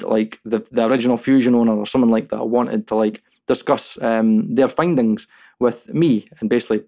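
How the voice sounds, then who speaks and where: A man's voice: medium pitch, darkish tone. A man from the UK hosts his own audio mixing channel and talks straight to camera in a loose, unscripted way. He rambles through his story, laughs at himself and drops plenty of fillers and an occasional curse. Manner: rambling, laughs often, swears, many fillers. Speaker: YouTube mixing channel host. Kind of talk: casual vlog monologue.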